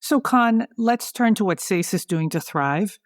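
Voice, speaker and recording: A woman hosting a podcast asks her guest measured questions and sums up what he has said. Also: mid-range voice, animated, no echo, studio quality. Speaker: podcast host. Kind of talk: interview questions.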